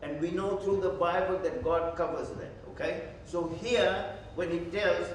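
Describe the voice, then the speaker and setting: A man's voice: sits high, moderate pace, far from the mic, a little hiss or hum. A man, a pastor, leading a Bible study with emphatic teaching and questions he answers himself. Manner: emphatic, asks and answers his own questions. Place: church hall. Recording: very echoey church hall, from afar.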